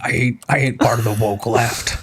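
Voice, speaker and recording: A performer voicing a gruff, territorial male talking dog in a tabletop game, speaking in slangy, possessive lines. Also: mid-range voice, a bit bright, exaggerated voice.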